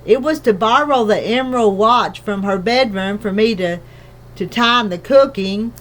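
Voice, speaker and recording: A woman's voice: medium pitch, measured pace, a bit bright, close to an everyday voice. A woman reading aloud, voicing a fussing, easily upset tiny mother borrower who frets and frightens easily. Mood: distraught. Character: fretful tiny mother borrower, anxious and tearful.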